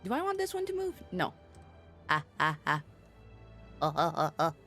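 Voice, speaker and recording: A woman's voice: sits low, wildly swooping pitch, normal speed, fairly bright tone, soft background music. A woman streaming a video game, chatting casually in a playful, giggly way with sing-song greetings and casual swearing. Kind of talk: casual livestream chat over gameplay.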